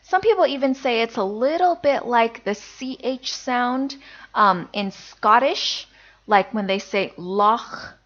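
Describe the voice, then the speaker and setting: Expressive and fairly high-pitched, with a bit of brightness, the woman patiently works through beginner pronunciation, slowly sounding out letters one by one and repeating them for her students, on a muffled recording.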